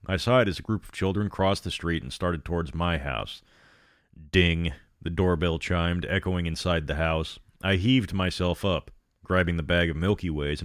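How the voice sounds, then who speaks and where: A man with a very deep voice narrates a horror story, breaking off now and then for a sardonic aside. The recording is dry and close, with no room sound around him. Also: no echo. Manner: sardonic asides between reading.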